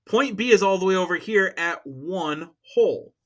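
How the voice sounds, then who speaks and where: A man's voice: high voice, expressive, normal speed, a bit bright. A man teaching a math lesson, upbeat and chatty, checking in with students as he works through problems. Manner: upbeat, talks to students, checks with "all right?".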